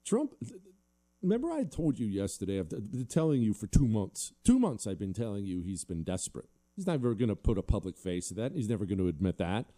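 A man's voice: fairly low pitch, big pitch swings, a little fast, mellow. A male talk show host delivering a combative, sarcastic monologue and reading listener emails.

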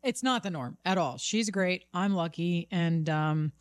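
A woman's voice: lowish voice, measured pace, no echo. A woman co-hosting a radio show, telling a chatty story and acting out the voices of people in it. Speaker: radio co-host. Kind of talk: casual radio banter.

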